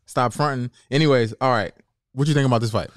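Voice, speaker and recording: A young man co-hosting a casual MMA podcast, chatting in a relaxed, slangy way. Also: mid-range voice, fast, dry recording, clean studio sound. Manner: laid-back banter, slangy, laughs often. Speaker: podcast co-host.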